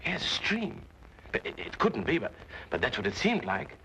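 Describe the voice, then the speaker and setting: An actor playing a nervous, frightened French interpreter who stammers and hesitates, in a 1950s TV drama. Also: male voice, medium pitch, wildly swooping pitch, normal speed, pushed and bright, exaggerated voice, poor audio. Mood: anxious. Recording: old TV soundtrack with faint hiss.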